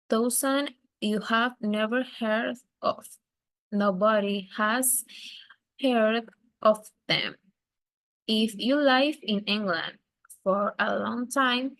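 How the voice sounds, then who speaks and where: A woman, a student, reading a text aloud carefully and haltingly, with small slips. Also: fairly high pitch, dry recording.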